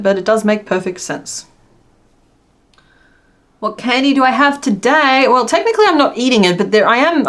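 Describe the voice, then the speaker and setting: Her voice is medium-pitched and a bit bright as this young woman crochets on a live stream. Chatting easily with viewers, she laughs often and counts stitches under her breath.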